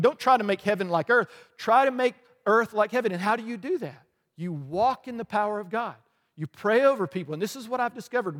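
A pastor preaching a lively sermon in a church, with rhetorical questions, asides and small laughs. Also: male voice, sits high. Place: church sanctuary. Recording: long hall reverb.

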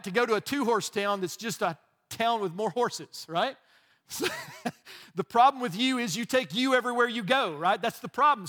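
A middle-aged pastor delivers a sermon in a high voice. He talks in an easy, conversational way, with chuckles and quick asides to his congregation. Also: pushed and bright.

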